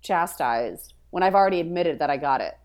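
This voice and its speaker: Guest, female: low voice, frank, thinks out loud, restarts mid-sentence. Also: lively intonation, brisk. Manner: verbal processor, frank, thinks aloud in restarts. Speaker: podcast guest. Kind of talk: casual conversational interview.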